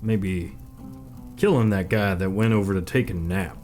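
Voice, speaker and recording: A man playing in a tabletop game, speaking slowly and playfully as his character. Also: low-pitched, darkish tone, soft background music. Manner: drawn-out, playful in-character speech. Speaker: player. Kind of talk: casual tabletop play.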